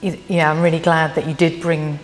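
A woman hosting an interview, soft-spoken and reflective, asking gentle questions. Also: deep voice, level tone, fairly quick. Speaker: host and interviewer. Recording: long reverb with faint guitar music.

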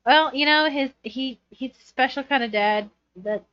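A woman co-hosting a podcast, chatting casually in a playful, teasing way and laughing often. Her voice sits a bit high. The recording is dry and slightly dull and lo-fi. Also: moderate pace, no room sound. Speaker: podcast co-host. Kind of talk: casual chat about a bad movie.

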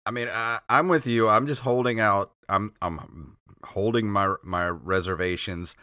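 Bright-voiced man in casual chat. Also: fairly low pitch, a little slow, no echo, studio quality. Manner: hesitant, laughs easily, mimics voices. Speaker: podcast co-host.

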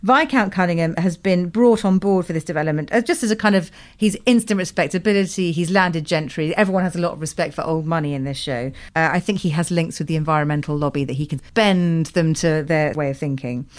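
A woman's voice: sits low, fast talker, few pauses. A woman co-hosting a podcast, recapping a TV show in casual chat, laughing often and swearing now and then. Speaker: podcast co-host.

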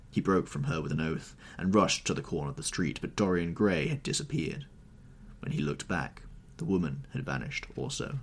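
Deep, gravelly male storyteller. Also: moderate pace. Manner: expressive, dramatic reading. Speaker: podcast narrator and host. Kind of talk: dramatic audiobook narration.

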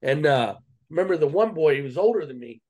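A man speaks as a podcast guest in a casual, earnest storytelling manner. His voice is a little higher than most men's, and he talks in a slangy way with frequent restarts. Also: lively intonation, fairly quick, mellow, highs cut off.

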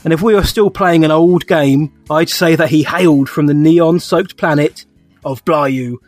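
A man's voice: fairly high pitch, a little slow, no echo, faint music behind. A man hosting a podcast, playful and fond of puns in casual chat. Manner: playful, punning. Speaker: podcast host.

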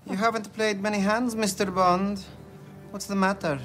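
A man's voice: sits high, little pitch movement, normal speed, fairly bright tone, soft background music. A man doing a sneering scarred villain. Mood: menacing. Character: menacing scarred male villain gambler.

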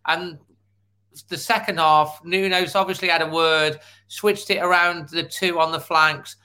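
A man co-hosting a casual football fan chat, laying out his points calmly and step by step. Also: fairly high pitch. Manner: measured, explains points step by step. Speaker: football podcast co-host.

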